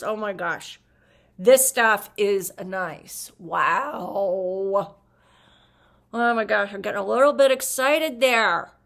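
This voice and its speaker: A beauty vlogger gushes and chats casually while applying products during a makeup review. Her voice is lowish and creaky.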